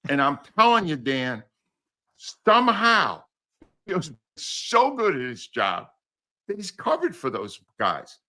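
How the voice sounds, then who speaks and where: A man guesting on a sports talk show, a former radio host with a high, very bright voice. His pitch swings widely as he rants bluntly and sarcastically. He drops a mild curse now and then. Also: huge pitch swings, slow pace.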